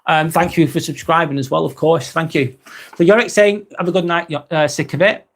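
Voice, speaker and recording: A man's voice: a little high, fairly quick. A man hosting a live vlog, talking casually and reading out viewer comments, with lots of ums and some swearing. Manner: relaxed and chatty, with frequent ums and casual swearing.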